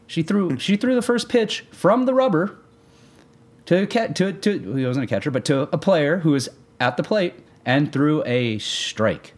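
A young man co-hosting a casual sports podcast, joking and excitable, his voice jumping up high when he gets animated. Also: unhurried. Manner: excitable, jokey, pitch jumps up when animated. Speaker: podcast co-host.

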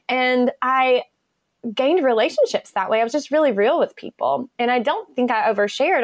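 A woman's voice: medium pitch, no room sound. A woman in her thirties with an American accent, a podcast guest chatting casually and telling stories with lots of fillers and enthusiasm. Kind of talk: casual interview chat.

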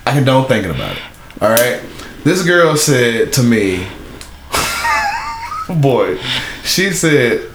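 A man's voice: mid-range voice, wildly swooping pitch, slow pace, long pauses. A young man telling rambling, profane stories in casual podcast chat, with lots of restarts and laughter. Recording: echoey room with faint hiss.

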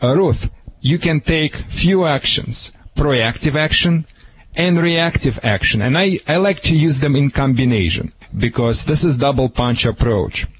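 A man from Russia with a Russian accent, a dog trainer giving animated, punchy advice on a radio show and repeating his key phrases. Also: medium pitch, a little slow, breathy edge, low-quality recording. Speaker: dog trainer answering a caller. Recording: radio broadcast.

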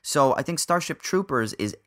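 A man co-hosting a podcast chats casually about films, swearing freely and using lots of fillers. His voice is fairly high and a bit bright, expressive, and moves at a moderate pace.

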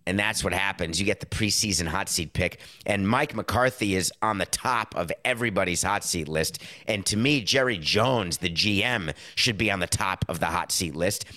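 A middle-aged man hosting a show, giving a casual sports commentary monologue with lots of rhetorical questions and quick self-corrections. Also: low-pitched, bright, forceful tone, dry recording. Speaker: podcast host.

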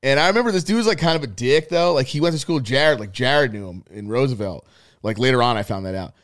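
A man's voice: mid-range voice, fast talker. Swearing, storytelling man on a podcast. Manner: animated storyteller, swears freely, acts out friends' lines. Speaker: podcast co-host. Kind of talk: casual chat.

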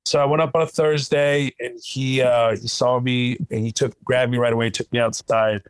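A man from Kuwait, a comedian guest, telling stories in an animated, casual way full of "like" fillers. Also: medium pitch, moderate pace, clear, resonant tone, no room sound, low-quality recording. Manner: animated, lots of "like" fillers, chuckles while talking. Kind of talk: conversational storytelling.

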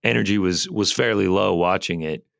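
Deep gravelly man, dry sound. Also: fairly bright tone, no echo. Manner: wry, repetitive, quick to agree. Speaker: podcast co-host. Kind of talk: casual betting chat.

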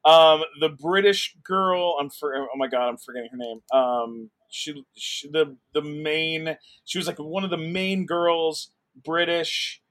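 A young adult man chatting casually as a podcast guest, rambling with lots of fillers and restarts and getting excited. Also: fairly high pitch, unhurried, hardly any pauses. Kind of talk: casual chat.

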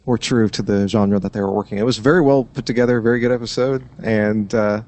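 A man co-hosting a casual podcast, reflecting with many pauses and a dry, teasing edge. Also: lowish voice, steady tone, darkish tone. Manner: hesitant, filler-heavy, dry teasing. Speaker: podcast co-host. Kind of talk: casual chat.

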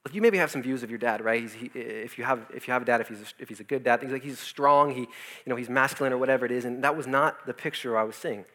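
Fast-talking bright young man. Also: mid-range voice. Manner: animated storytelling, acts out quoted voices. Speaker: youth pastor. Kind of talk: personal testimony. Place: his office.

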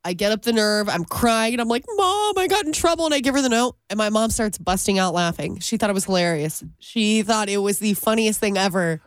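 A woman co-hosting a radio show, telling a story in casual chat and acting out the quotes in a higher voice. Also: fairly quick, few pauses, no echo, clean studio sound. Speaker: radio co-host.

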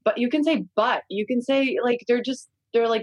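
A woman's voice: on the high side, steady tone, a little fast, no echo, poor audio. Candid swearing woman guest. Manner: candid, swears freely, laughs at herself. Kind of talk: casual podcast chat.

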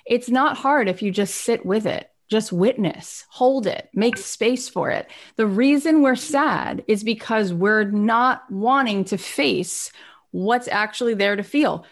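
A woman's voice: on the high side, slow pace. Earnest woman giving a motivational talk. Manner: earnest, emphatic, swings between soft and animated. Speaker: inspirational speaker. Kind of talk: motivational self-help talk.

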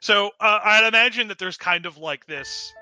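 A man's voice: sits high, moderate pace, pushed and bright, clean tone, no echo, faint music behind, low-quality recording. A man describing his character's actions as a player, thinking aloud with many fillers. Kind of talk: casual role-play description.

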